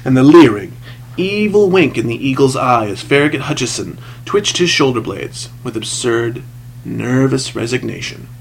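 A man's voice: medium pitch, expressive, moderate pace, gravelly, a little hiss or hum, low-quality recording. A man narrating a story from a script, with dramatic, shifting emphasis. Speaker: audiobook narrator.

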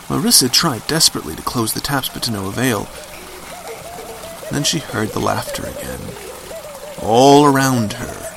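A man's voice: mid-range voice, gravelly, bright, forceful tone, a little hiss or hum. A man narrating a scripted horror story with dramatic, varied emphasis.

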